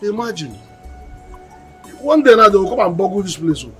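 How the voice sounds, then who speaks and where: A man's voice: sits high, lively intonation, moderate pace, soft background music. Curt, dismissive Nigerian man. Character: dismissive man ending an interview.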